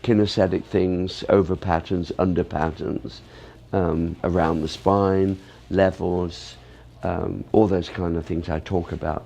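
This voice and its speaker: Man, ballet teacher, very low voice, rambling, filler-heavy interview talk. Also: a little slow, gravelly, a little mellow. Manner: rambling, many "you know" fillers. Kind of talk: interview answers.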